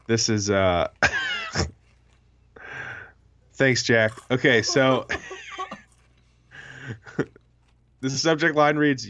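Man hosting a podcast, lively voice. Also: mid-range voice, drawn-out words, pauses often, dull audio. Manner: laughs often, reading listener mail aloud. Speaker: podcast host. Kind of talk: casual podcast chat.

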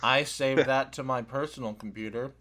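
A man's voice: medium pitch, steady tone, normal speed, a loud crowd. A man co-hosting a casual podcast, giving short, offhand joking replies. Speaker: podcast co-host.

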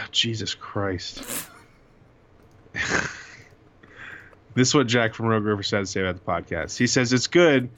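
A man's voice: fairly low pitch, a little slow, pauses often, fairly bright tone, a little hiss or hum. A young man co-hosting a casual podcast, joking around and swearing freely. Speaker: podcast co-host. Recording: dull lo-fi sound.

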